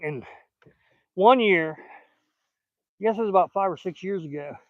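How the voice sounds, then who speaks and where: A man's voice: high voice, moderate pace, no echo, lo-fi sound. An older man with a Southern US accent, rambling in a folksy, casual way while fishing outdoors at a lake. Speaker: fishing vlogger.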